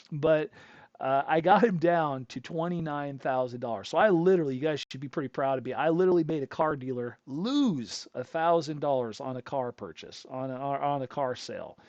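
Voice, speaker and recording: A man in his late forties with a gravelly edge tells a long, rambling story to his viewers in a relaxed, chatty way. The sound is dry and close, with a dull, lo-fi tone. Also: medium pitch, no echo. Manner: rambling, conversational, self-correcting. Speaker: channel host.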